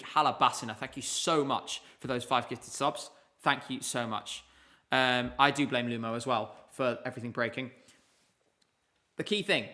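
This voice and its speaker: Bright-voiced man streaming live. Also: mid-range voice. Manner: chatty, rambling, thanks viewers. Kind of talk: casual live-stream commentary. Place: home room at a desk with laptops.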